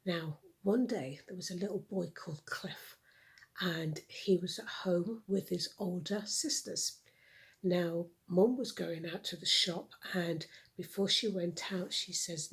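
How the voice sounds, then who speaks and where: Female children's storyteller, slow, hushed and very breathy. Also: on the low side. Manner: hushed, often whispering. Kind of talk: reading a story to kids.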